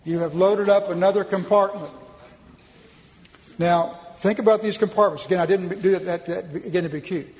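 A man's voice: high-pitched, steady tone, moderate pace, a little mellow, in a large hall, low-quality recording. A man from Oklahoma giving a public speech with slides at a policy conference, folksy and emphatic, often restarting his sentences.

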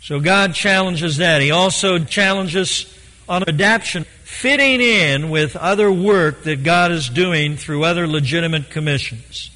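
Guy preaching, earnest and emphatic, bright voice, lots of hall echo. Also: on the high side. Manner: earnest, emphatic, with slow deliberate stresses. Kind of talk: sermon. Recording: long hall reverb.

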